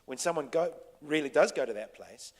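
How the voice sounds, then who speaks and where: A man who works as a TV director, telling a story to a panel audience in a casual, halting way full of restarts and fillers. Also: on the high side, animated. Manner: halting, many restarts and fillers, soft-spoken. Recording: long hall reverb.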